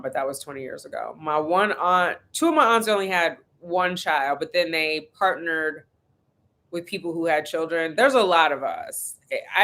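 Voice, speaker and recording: Woman, lowish voice, chatty live-stream host telling animated stories from home. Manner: chatty, animated storytelling with laughs. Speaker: vlogger hosting a live stream. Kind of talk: casual live-stream chat.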